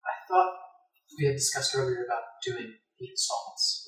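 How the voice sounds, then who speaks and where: Lively, pleading tabletop player. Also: mid-range voice, normal speed, gravelly. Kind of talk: playing a tabletop character. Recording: echoey room, far from mic.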